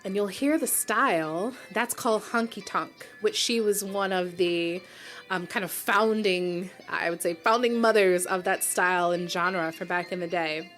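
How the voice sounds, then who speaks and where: A woman's voice: lowish voice, a little slow, a bit bright, faint music behind. A woman in her forties from New York, telling her personal story as a guest in a radio interview. She is earnest and reflective, and she often checks in with the listener by asking "right?". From New York, USA. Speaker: guest, publisher and founder. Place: radio studio.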